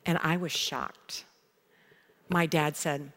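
A middle-aged woman giving a devotional teaching, telling a personal story in a chatty, animated way. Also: medium pitch, normal speed. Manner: conversational storytelling, animated retelling. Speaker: Bible teacher.

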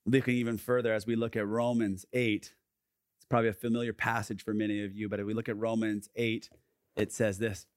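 A man in his thirties preaching as a youth pastor, casual and lively with lots of fillers, going soft and quiet when he reads scripture. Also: on the low side, fairly quick, no echo, clean studio sound. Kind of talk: sermon. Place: youth gathering.

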